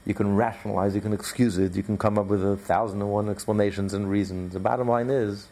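A man's voice: on the low side, steady tone, fast talker, mellow. A man teaching a religious class in an emphatic, repetitive, conversational way, with many fillers.

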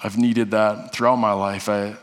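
Preaching earnestly in a church sanctuary, a male pastor keeps restarting and repeating phrases. His fairly low voice shows little pitch movement and keeps a measured pace, and the sound trails off in the long reverb of a large hall.

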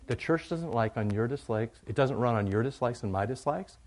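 A middle-aged male pastor giving a conversational, joking sermon, moving from quiet asides to loud, animated bursts. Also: mid-range voice, a little fast.

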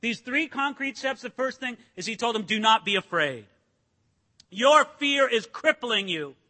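A pastor preaching a sermon in an emphatic, dramatic way, acting out quotes and rising to shouts. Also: male voice, extremely high pitch, lively intonation, normal speed. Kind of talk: expository sermon. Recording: long hall reverb.

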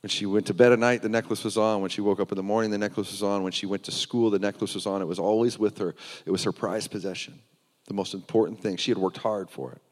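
A man's voice: lowish voice, steady tone, fast. Man preaching in an echoing hall. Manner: earnest storytelling with frequent restarts. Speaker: pastor. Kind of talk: sermon. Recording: long hall reverb.

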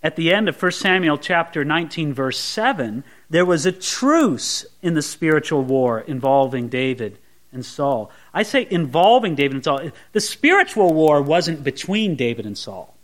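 A man preaching a verse-by-verse sermon, dropping to quiet asides and rising to emphatic peaks, sometimes mimicking gushing prayers. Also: lively intonation, moderate pace. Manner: swings between soft low asides and bright emphatic peaks; voices imagined sweet prayers mockingly. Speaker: pastor. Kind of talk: expository sermon.

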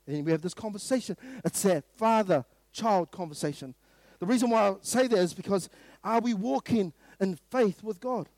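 Here a man with a New Zealand accent preaches at a morning prayer meeting in a high voice, keeping a moderate pace. His delivery is emphatic and laced with repeated rhetorical questions, punctuated now and then by a loud burst, all captured in a dry recording.

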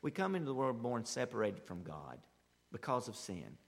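A male pastor preaching a sermon, emphatic and animated, swinging from loud rising bursts to quiet asides. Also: mid-range voice, moderate pace, creaky, husky. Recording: long hall reverb.

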